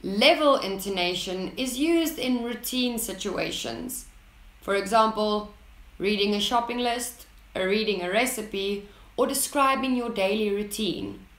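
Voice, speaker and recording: A woman narrating an English lesson in a slow, deliberate way, reading out example sentences with clear enunciation. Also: medium pitch, a bit bright, echoey room. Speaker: English teacher.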